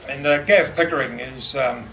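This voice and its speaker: This middle-aged man, speaking at a memorial, gives a rambling eulogy packed with fillers and anecdotes he laughs through. His medium-pitched voice is fairly bright and moves at normal speed, captured by a distant mic amid background noise.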